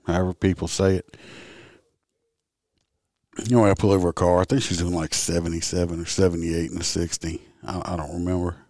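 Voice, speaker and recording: A man's voice: low voice, darkish tone, no room sound, studio quality. A man who hosts a podcast and works as a traffic officer, telling stories in a casual, rambling, blunt way with the odd curse word. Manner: rambling, blunt, occasional swearing. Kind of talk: casual storytelling monologue.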